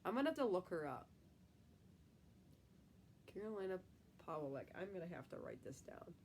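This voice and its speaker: With a cold clogging her nose, a young Midwestern woman hosts a live stream, reading comments and chatting loosely with many fillers. Her fairly low, gravelly voice is sing-song and moderately paced, in a Midwestern American accent, with a little hiss or hum in the recording.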